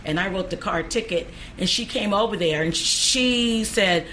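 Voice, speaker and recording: A woman's voice: mid-range voice, moderate pace, fairly bright tone, slight background noise. A woman telling brash stories in a casual interview, laughing often and acting out what people said to her. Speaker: guest comedian telling stories.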